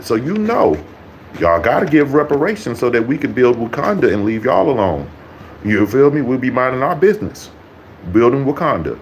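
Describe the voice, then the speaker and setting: A man with a deep, low voice delivers a profane vlog rant. His talk is blunt and mocking, packed with curses, and a faint hiss of noise sits under it. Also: low-quality recording. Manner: blunt, mocking, swears constantly. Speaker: YouTuber.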